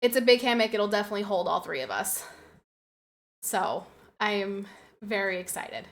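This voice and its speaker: A woman's voice: mid-range voice, animated, moderate pace. A young woman streaming and chatting casually with her live audience. She talks emotionally, repeats her phrases, laughs often and answers her chat aloud.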